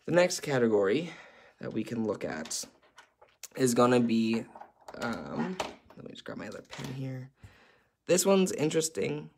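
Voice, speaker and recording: A man's voice: medium pitch, big pitch swings, a little slow, creaky, long pauses, a little mellow, slight background noise. A man facilitating a workshop, explaining a chart in a conversational way with frequent ums and uhs.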